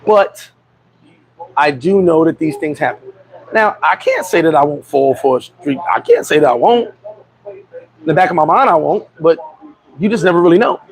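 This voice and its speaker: American man, livestream host: high, gravelly voice, loose chatty delivery, shout-outs and comment reading. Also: lively intonation, normal speed, long pauses, slight background noise, rough recording. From United States. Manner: reads viewer comments and gives shout-outs; rambling, with frequent restarts and chuckles. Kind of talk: casual livestream chat.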